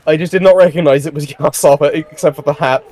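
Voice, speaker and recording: A man's voice: fairly high pitch, steady tone, fast, darkish tone. Hesitant man in casual chat. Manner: hesitant, self-correcting, slightly sheepish. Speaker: player in a tabletop sports game. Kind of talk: casual chat while playing online.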